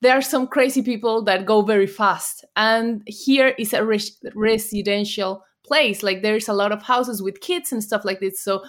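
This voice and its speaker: A woman with a Mexican Spanish accent, a native Spanish speaker, chatting as an interview guest and telling animated stories with frequent laughter. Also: medium pitch, moderate pace, hardly any pauses. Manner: laughs often, animated storyteller. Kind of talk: casual interview chat.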